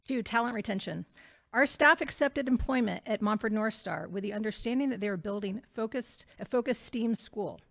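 A woman giving prepared public comment as a parent at a school board meeting, running through numbered points quickly. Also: mid-range voice, vocal fry, a bit bright. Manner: rapid, itemized delivery.

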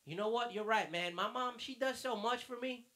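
A man's voice: extremely high pitch, normal speed, bright, forceful tone, voice pushed up. A man voicing an eager young nephew who earnestly agrees with his uncle in a church lesson skit.

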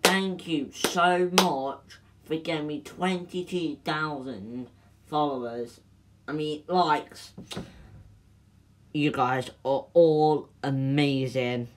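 Slow, gushing man. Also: fairly high pitch, fairly even intonation. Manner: gushing, repetitive thanks. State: emotional, near tears. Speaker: social media creator. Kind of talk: thank-you vlog to followers.

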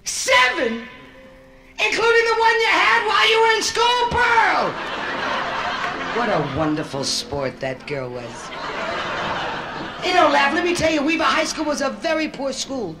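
A woman's voice: high-pitched, sing-song, unhurried, long pauses, very noisy. A woman from Connecticut doing a brassy, wisecracking stand-up routine and teasing her live audience. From Connecticut, USA. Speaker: comedian. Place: stage show before a live audience. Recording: roomy live show recording with band music.

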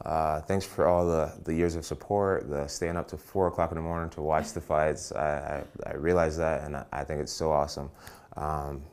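Man, extremely deep voice, casual interview, upbeat, repeats his words. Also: clean tone. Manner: enthusiastic, restarts often, relaxed. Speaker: professional fighter.

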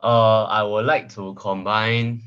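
A man's voice: on the low side, flat delivery, slow pace, fairly bright tone, smooth, dull audio. A young male student answering in class, hesitant and full of fillers. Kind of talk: classroom discussion.

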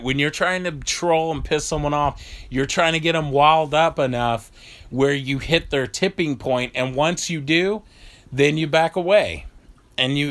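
A man's voice: mid-range voice, a bit bright. A man vlogging in a blunt, heated, profane rant. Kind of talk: ranting monologue.

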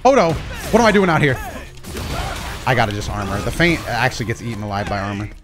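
A man streaming a fighting game, commenting live and swinging between low mumbles and excited shouts. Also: quick pace. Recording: game music underneath.

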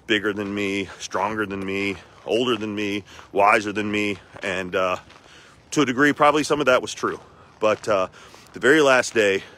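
A man tells a personal story with raw emotion and blunt language, talking straight to camera for a casual video diary. His voice sits on the low side, and the recording was made outdoors in the cold. Faint background noise runs under his speech. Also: a bit bright. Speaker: vlogger.

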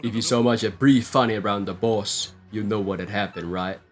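A man's voice: lowish voice, fairly even intonation, fairly quick, faint music behind, natural voice. A man doing a menacing gangster henchman. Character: loyal male gangster henchman, threatening.

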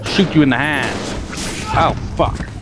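A man's voice: a little high, measured pace, noisy background. A young man giving exasperated, sarcastic commentary on a game he is playing at home, swearing often. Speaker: let's play gamer. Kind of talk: gameplay commentary. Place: home room with a cat. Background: game music.

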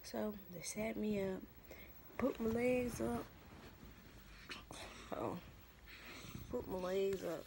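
A young woman, a new mother, telling a casual storytime vlog in a chatty, expressive, colloquial way. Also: mid-range voice, slow, creaky, long pauses, noisy background.

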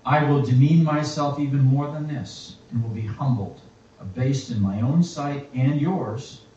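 A man preaching a sermon and reading scripture aloud in a slow, reflective way. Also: mid-range voice, mellow, a little hiss or hum. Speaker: pastor. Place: church. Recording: echoey, distant, muffled church recording.

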